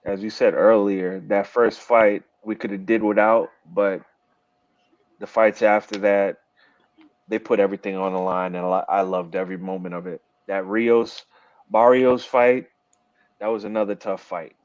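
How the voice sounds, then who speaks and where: A man with a low voice chats casually on a podcast, rambling through stories with plenty of ums and quick laughs. The sound is dry and a little dull, with no room around it. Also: steady tone, no echo. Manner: laughs often, loose storytelling with fillers. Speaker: podcast co-host. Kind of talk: casual chat.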